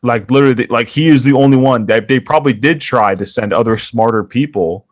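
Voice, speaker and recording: A man's voice: mid-range voice, a little fast, no room sound, studio quality. A man co-hosting a podcast, talking in a loose, rambling way with lots of filler words. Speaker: podcast co-host. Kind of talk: casual chat.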